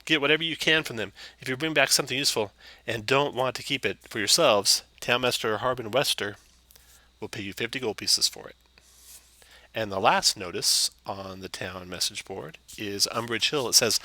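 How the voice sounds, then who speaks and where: Brief: male game master, bright tense tone, dry close recording, plain reads with fillers. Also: medium pitch, moderate pace, dry recording. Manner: plain reading with hesitant fillers. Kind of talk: narrating a tabletop game.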